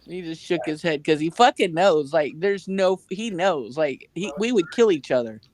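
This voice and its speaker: A woman's voice: on the low side, normal speed, no room sound. A woman in a casual backstage chat, telling blunt, profane stories. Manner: blunt, profane, animated storyteller.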